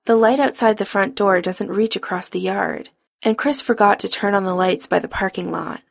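A woman narrating a romance story in a calm, even storytelling manner. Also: mid-range voice, normal speed, vocal fry, no echo, clean studio sound. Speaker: audiobook narrator.

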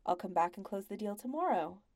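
A woman's voice: mid-range voice, lively intonation, brisk, a little mellow. A woman voicing a smug, careless wealthy nobleman who speaks in a languid, offhand drawl. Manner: languid, offhand, sing-song toward his wife.

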